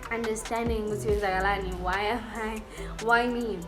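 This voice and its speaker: A woman's voice: medium pitch, steady tone, measured pace. Young woman telling her story. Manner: candid and emotional, full of 'like' and 'you know'. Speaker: vlogger. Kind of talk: storytime vlog, casual chat. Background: background music.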